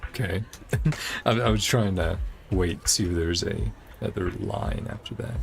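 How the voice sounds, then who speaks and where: A man's voice: unhurried, creaky. A man streaming a story game, chatting casually and laughing often between dialogue lines. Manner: chatty, laughs often, low-key asides. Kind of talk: casual gameplay commentary.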